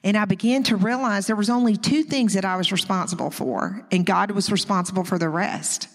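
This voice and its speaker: A woman's voice: mid-range voice, a little fast. A woman in her fifties giving a personal, conversational teaching message at a women's conference, talking straight to the audience. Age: 50s. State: close to tears. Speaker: women's ministry speaker. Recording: long echo of a large hall.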